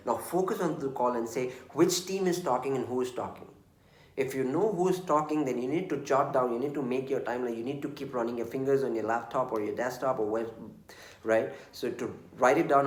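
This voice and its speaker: A man from India with an Indian English accent, giving an earnest, repetitive coaching talk on IT work and acting out sample dialogue. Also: mid-range voice. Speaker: IT trainer. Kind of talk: casual instructional talk. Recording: roomy echo.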